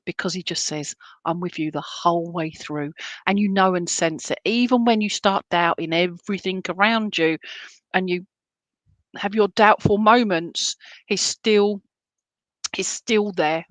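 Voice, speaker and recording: A woman giving a chatty, reassuring clairvoyant reading as a spiritualist medium, slipping into soft whispered asides. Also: fairly low pitch, measured pace, no room sound. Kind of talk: live online clairvoyant reading.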